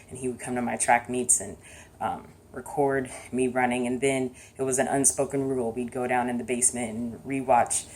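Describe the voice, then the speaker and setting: Very low-voiced woman, reflective vlog. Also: a little hiss or hum. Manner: thoughtful, hesitant, soft-spoken. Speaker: vlogger. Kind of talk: casual reflective monologue.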